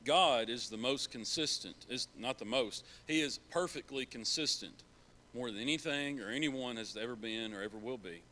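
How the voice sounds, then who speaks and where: A man's voice: mid-range voice, normal speed, pushed and bright. A man preaching a sermon in a church, earnest and repeating key phrases for emphasis.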